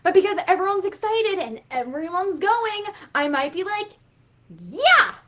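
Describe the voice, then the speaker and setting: High-voiced woman coach, lively and profane, casual pep talk, a bit lo-fi. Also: normal speed. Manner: animated, swears freely, acts out quotes. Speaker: business coach.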